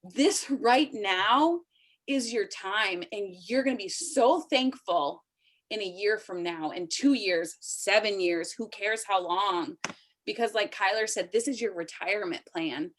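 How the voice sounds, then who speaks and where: A woman's voice: mid-range voice, measured pace. A woman in her thirties leading a sales team call, giving an emotional, urgent motivational pep talk over a video call. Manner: emotional, urgent, pleading with listeners.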